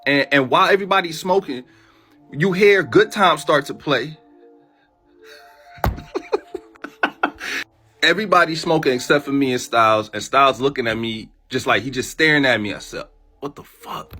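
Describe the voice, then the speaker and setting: A man's voice: medium pitch, normal speed, long pauses, faint music behind. A man casually telling a story into his phone in profane street slang, acting out what everyone said. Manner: animated, profane street slang, retells a dream with voiced quotes.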